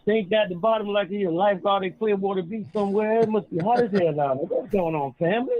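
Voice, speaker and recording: A man's voice: high voice, quick pace. Slangy man calling in on a tinny phone line. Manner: slangy, laid-back street talk. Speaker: caller. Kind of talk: casual call-in chat. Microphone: phone call.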